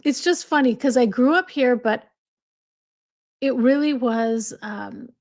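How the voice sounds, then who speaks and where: Host, woman, slight accent, somewhat high voice, casual and chatty, reading and answering viewer comments. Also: takes it slowly, darkish tone. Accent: slight foreign accent. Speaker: livestream host reading chat. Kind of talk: casual live chat.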